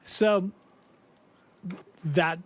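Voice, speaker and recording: Very slow and high-sitting, his voice comes through with no room sound. A band singer who hosts a podcast, he animatedly acts out quotes while casually telling a story packed with fillers.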